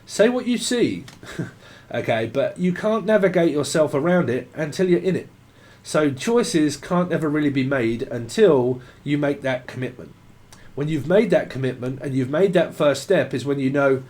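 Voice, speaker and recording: A man's voice: on the high side, lively intonation, moderate pace, darkish tone. Rambling man reading tarot. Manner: rambling free association, swearing, breaking into song. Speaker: tarot reader.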